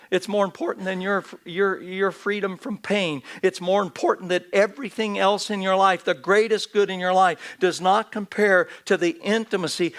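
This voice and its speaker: Pastor, male, higher-pitched voice, earnest sermon delivery with restarts, church setting. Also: fairly bright tone. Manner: earnest preaching with repetitions and restarts. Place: church sanctuary.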